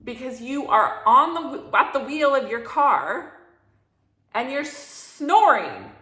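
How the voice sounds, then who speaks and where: A woman's voice: high voice, very animated, slow pace, bright, forceful tone, roomy sound. A woman coaching listeners in a motivational talk, emphatic and preachy, with free swearing. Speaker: spiritual coach.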